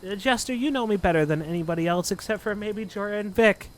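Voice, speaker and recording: Man voicing a gentle half-elf woman. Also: high-pitched, fast, lightly acted. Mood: fond.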